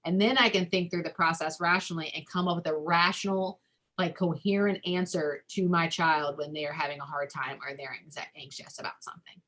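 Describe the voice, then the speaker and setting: A woman therapist talks a group through an exercise in a loose, conversational way, leaning often on "like" and "um." Her voice sits a little low for a woman. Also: steady tone, brisk, fairly bright tone. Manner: talks through ideas with frequent "like" and "um" fillers. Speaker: family therapist. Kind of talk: explanatory webinar talk.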